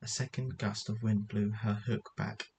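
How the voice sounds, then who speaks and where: A man's voice: fairly low pitch, level tone, normal speed, vocal fry, a little mellow, a little hiss or hum, rough recording. A man reading a story aloud as narrator, often stumbling and correcting himself as he goes. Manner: reads with frequent stumbles and self-corrections.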